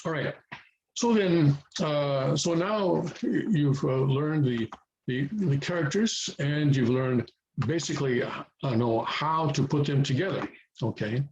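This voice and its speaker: A man's voice: on the high side, slow, darkish tone, lo-fi sound, a little hiss or hum. A man teaching a language lesson to viewers in a casual, hesitant way, with many fillers and restarts.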